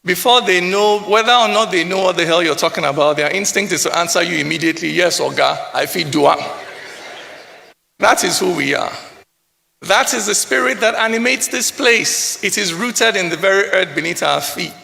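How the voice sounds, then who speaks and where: A man's voice: sits high, animated, brisk, creaky, bright, forceful tone. A man with a Nigerian accent performing spoken word poetry in a rhythmic, rising oratorical style, slipping into pidgin phrases. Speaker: poet. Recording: hall reverb.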